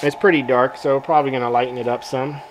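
Casual male host demoing mask painting live, mid-pitched voice, relaxed running commentary as he works. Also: fast talker, noisy background. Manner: easygoing, rambling, self-joking; thinks aloud while working. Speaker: mask artist demonstrating painting.

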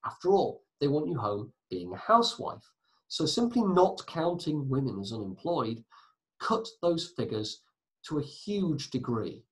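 A man teaching a recorded history lesson in a chatty way, full of asides and quick self-corrections. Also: medium pitch, big pitch swings, low-quality recording.

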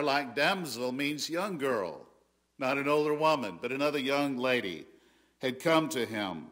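A man with a Southern American accent preaching a sermon as pastor, emphatic and often restarting his sentences. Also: medium pitch. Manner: emphatic, rising loud on quoted scripture, frequent restarts.

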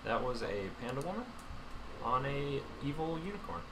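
Man, animated pitch, teasing gamer chat, noisy background. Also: normal speed. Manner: playful, teasing, excitable. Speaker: let's play co-host. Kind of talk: casual gaming chat.

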